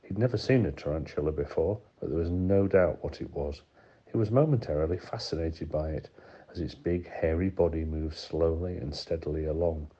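A man reading an audiobook in steady, measured narration. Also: rumbling low. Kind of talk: scripted narration. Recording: dull lo-fi recording.

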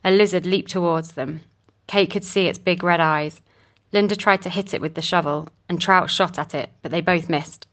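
Reading from a prepared text, a woman narrates a novel's chapter for an audiobook. Her delivery is measured and constant, and her pitch leans low.

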